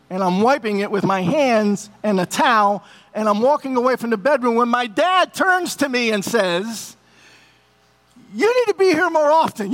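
Middle-aged male pastor, very high voice, emotional storytelling sermon to the congregation. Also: a bit bright.

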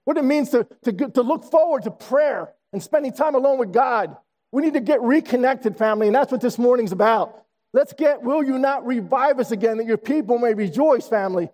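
A man's voice: extremely high pitch, animated, fairly quick, darkish tone. A man in his sixties preaching a sermon, telling a story and repeating phrases for emphasis. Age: 60s. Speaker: pastor.

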